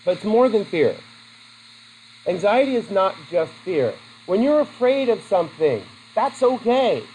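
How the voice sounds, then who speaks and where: A man's voice: sits high, sing-song, unhurried, darkish tone, slightly rough, low-quality recording. A man teaching a class in a classroom, chatty and asking his students questions. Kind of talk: classroom lesson.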